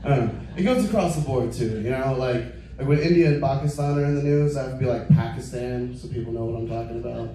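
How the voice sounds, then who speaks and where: A man's voice: mid-range voice, quick pace, few pauses, mellow. A young man doing stand-up in a comedy club, rambling and filling almost every phrase with "like" while chatting with the crowd. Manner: chats with the crowd. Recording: echoey club from far off.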